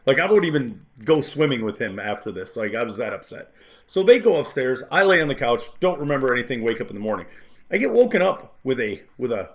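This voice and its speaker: A man's voice: medium pitch, a little fast. Rambling, frank male storyteller. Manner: rambling, frank, animated, with many fillers. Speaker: podcast host. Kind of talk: casual storytelling.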